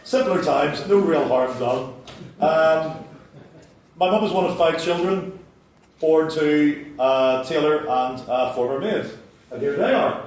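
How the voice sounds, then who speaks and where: A man's voice: fairly high pitch, moderate pace, darkish tone. Sardonic Belfast man telling stories on stage. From Northern Ireland. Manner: dry, sardonic, self-mocking. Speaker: writer performing a solo show. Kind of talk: stand-up storytelling. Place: large theatre hall. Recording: echoey hall, from far off.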